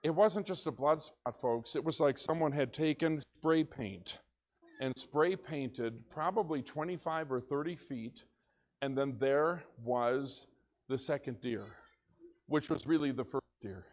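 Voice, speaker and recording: A man preaching as a pastor, telling a story in an animated way and shouting when excited, in a church. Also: on the high side, measured pace. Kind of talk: storytelling sermon. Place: church sanctuary.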